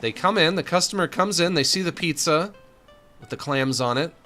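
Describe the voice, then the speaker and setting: A man's voice: on the high side, animated, normal speed, bright, forceful tone, soft background music. A man streaming a video game, chatting casually to himself and the characters as he decorates a room. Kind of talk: casual gameplay commentary.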